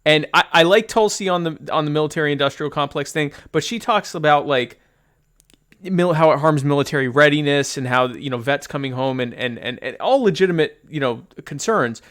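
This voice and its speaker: A man's voice: a little high, brisk, a bit bright. A man co-hosting a podcast, chatting about politics animatedly, joking, with stammering restarts. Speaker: podcast co-host. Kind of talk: casual political chat.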